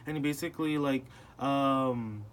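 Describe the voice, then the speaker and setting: A man's voice: mid-range voice, a little slow, clean tone. A young man telling a personal family story in casual chat, acting out the voices of the people in it with lots of filler words. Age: young adult. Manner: animated, acting out family members in retold dialogue. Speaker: podcast host.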